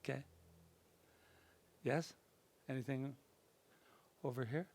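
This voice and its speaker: A man leading a workshop as a minister, talking conversationally with the group and then guiding them through a slow, soothing meditation in a room. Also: mid-range voice. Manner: lively and conversational, softening into slow soothing guidance. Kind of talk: workshop talk and guided meditation. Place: indoor group session room.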